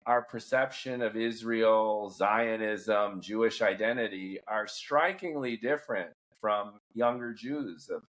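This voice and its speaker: Measured middle-aged male podcast host. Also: lowish voice, a bit bright. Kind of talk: interview questions and commentary.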